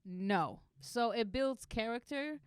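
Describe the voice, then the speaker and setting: A young woman from Israel with an Israeli accent, a podcast co-host telling a story in animated, laughing casual chat. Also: fairly high pitch, slow, clean tone, dry recording. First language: Hebrew. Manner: animated, laughing, acts out voices in anecdotes.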